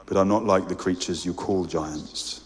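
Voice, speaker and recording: Aslan, a man voicing a deep grave lion. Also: steady tone, lightly acted. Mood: solemn. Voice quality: low, large and deep. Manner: slow, grave, measured. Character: huge deep-voiced lion, calm and ancient. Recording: long hall reverb.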